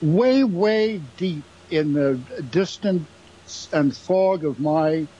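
A man chats casually, reminiscing and adding wry jokes. His voice is husky and sits a little high, and the recording sounds dull and lo-fi. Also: very slow, warm tone. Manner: wry, joking interjections. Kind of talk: casual chat.

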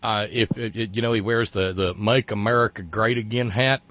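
A man's voice: lowish voice, steady tone, normal speed, a bit bright. A man hosting a call-in radio show, talking in a sardonic, mocking way. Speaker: radio talk show host.

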